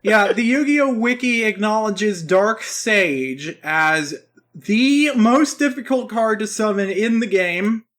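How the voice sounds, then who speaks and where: High-voiced man recapping in a ramble. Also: lively intonation, slow pace, a bit bright. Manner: rambling, self-interrupting. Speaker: podcast co-host. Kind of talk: casual chat.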